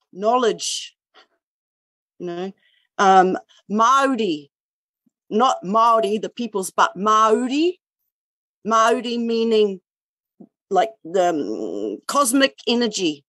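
Speaking earnestly over a video call, a woman with a New Zealand accent shares in a casual online sharing circle as an indigenous participant, often using fillers and restarting her sentences. Her voice is a little high and fairly bright, with no echo.

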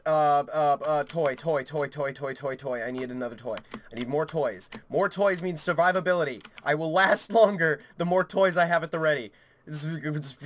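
A man's voice: fairly high pitch, fairly bright tone, slight background noise. A young man narrating a horror game as he plays, panicky, swearing and rambling to himself, with his keyboard clicking faintly at a desk mic. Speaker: gaming YouTuber. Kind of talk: horror game let's play commentary.

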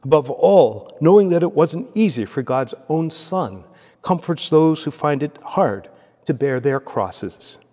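Solemn priest in a reverberant church. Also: male voice, on the high side, expressive, warm tone. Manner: measured, solemn liturgical delivery. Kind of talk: reading scripture aloud and preaching. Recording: long echoey church reverb.

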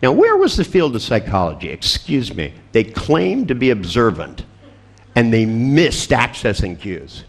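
A man with a lowish voice that swings widely in pitch, telling stories at a seminar in a blunt, profane way. He acts out his exchanges with clients and laughs at his own jokes. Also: sing-song, a little slow. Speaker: seminar presenter on therapy and coaching. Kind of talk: storytelling seminar talk to a live audience.

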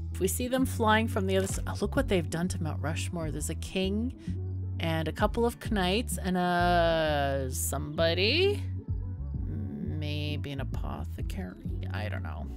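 A woman narrating a let's play, amused and quick to laugh as she reads game text aloud. Her voice sits a little low, moves slowly and swings widely in pitch. Faint music plays behind her. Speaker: gaming YouTuber. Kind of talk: let's play commentary and reading.

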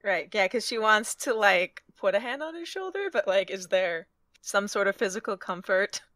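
A woman's voice: medium pitch, big pitch swings, moderate pace, a bit bright, no room sound. A woman player in a casual tabletop role-play, hesitant and rambling, with many fillers.

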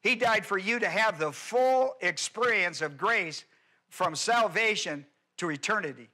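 A man preaching a sermon as pastor, emphatic and repetitive, moving between loud declarations and hushed appeals. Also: sits high, lively intonation, unhurried.

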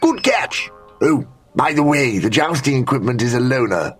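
Jolly medieval game king, played by a man; pompous, old-fashioned, very animated delivery. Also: mid-range voice, moderate pace, faint music behind, lightly acted. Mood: proclaiming. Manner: grand, old-fashioned proclamations.

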